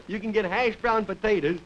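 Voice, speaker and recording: A comedian with a high, light voice rambles through a folksy monologue and keeps chuckling at his own jokes. The sound is muffled, lo-fi 1950s television audio under a heavy bed of hiss. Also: wildly swooping pitch, normal speed. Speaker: comedy show host. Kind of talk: stand-up monologue before a studio audience. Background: studio audience laughter.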